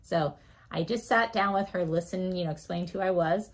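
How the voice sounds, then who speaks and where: A woman doctor recounts a patient story as a guest, voice sitting a little low. She tells it with lively swings, acting out the voices of the people in her story. She laughs often as she talks. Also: moderate pace. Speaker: physician guest. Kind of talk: animated storytelling in an interview.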